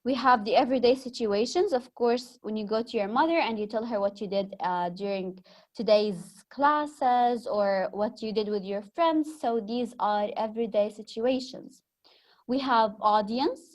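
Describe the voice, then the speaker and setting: A woman's voice: a little high, normal speed, darkish tone. A young woman with an Egyptian accent giving a classroom lecture, patiently explaining terms and quizzing her students. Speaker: teacher.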